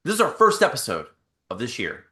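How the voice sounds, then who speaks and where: Guy cohosting a podcast, rambly and animated, bright voice that jumps all over. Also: medium pitch, fairly quick. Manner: rambling, animated storytelling with frequent fillers. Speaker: podcast co-host. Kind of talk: casual chat.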